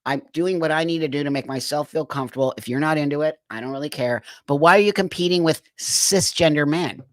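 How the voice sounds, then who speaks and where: A man's voice: a little high, fast talker, a bit bright, no room sound. A man hosting a livestream, reacting to clips with incredulous, exasperated commentary and frequent laughter. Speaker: livestream host.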